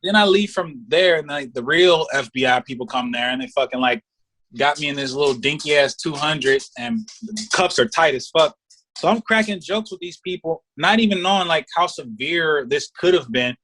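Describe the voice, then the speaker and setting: This podcast guest speaks at a moderate pace in a voice on the high side for a man. His storytelling is loose and profane, and he gets animated, performing the voices of everyone in the anecdote.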